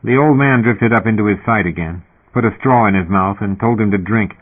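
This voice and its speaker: A man narrating an audiobook in a steady storytelling manner. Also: lowish voice, a little fast. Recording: tinny phone-like audio.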